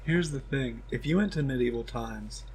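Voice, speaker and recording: Man, husky voice, casual comedic chat, rambling absurd stories, laughs a lot. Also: medium pitch, normal speed, darkish tone, low-quality recording. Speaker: podcast co-host.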